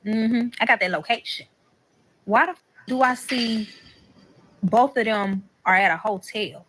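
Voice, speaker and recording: A woman spins a personal story time with a bright, forward tone pitched a little above the usual. She swears freely and animatedly acts out each line of the quoted talk. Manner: animated, profane, dramatic quoting.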